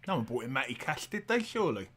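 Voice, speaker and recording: A man hosting a casual football watchalong, easygoing and quick to laugh as he asks questions. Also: mid-range voice, sing-song, fairly bright tone, breathy edge. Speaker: podcast host.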